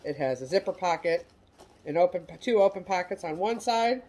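Fairly low-pitched and dark in tone, her animated voice moves at a moderate pace. This middle-aged American woman casually shows handbags she sells online, coming across as folksy and self-deprecating.

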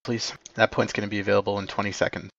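Guy running comms in a team game, lowish voice, dull dry lo-fi mic, quick polite orders. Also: flat delivery, creaky, a bit bright, dry recording. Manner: brisk, polite, slightly apologetic. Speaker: squad commander in a team game. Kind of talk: quick tactical voice-chat callouts.

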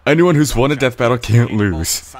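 A man giving rambling casual commentary on his own video, clearing his throat with a cold. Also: mid-range voice, animated, moderate pace. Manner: rambling, frequent fillers and restarts. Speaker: creator giving episode commentary.

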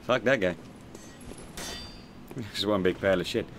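A young man streaming a video game, swearing, joking and reacting loudly as he plays and reads the chat. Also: on the low side, moderate pace, slight background noise. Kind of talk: casual gaming stream commentary.

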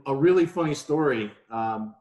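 A man's voice: medium pitch, lively intonation, moderate pace, dark tone. Guest, man, 40s, from New York; easygoing anecdotal storyteller, echoey home room. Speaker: podcast guest. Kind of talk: casual interview chat.

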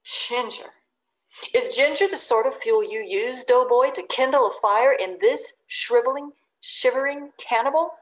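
A blustering, sarcastic male sailor, as a woman reading the story puts him on. His mocking questions climb sharply in pitch and stay loud. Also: big pitch swings, slow pace, few pauses, reverberant, heavily acted. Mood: indignant. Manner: indignant, sarcastic rising questions. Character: blustering, mocking male second mate at sea.

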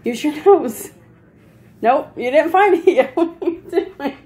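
Woman, dog owner, playful, coaxing, unhurried, lively swoops in pitch. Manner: playful, coaxing, giving commands. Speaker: dog owner and channel host. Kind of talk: playing a game with her dog on camera. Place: at home, at a table.

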